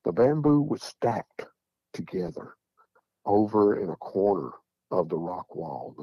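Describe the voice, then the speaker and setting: A middle-aged Tennessee man with a Southern American accent, appearing as a guest, casually recounts his encounters in a lowish, slightly rough, very animated voice at a somewhat slow pace. He rambles on, repeating "I said" and "he said," and the recording is dull, dry lo-fi audio.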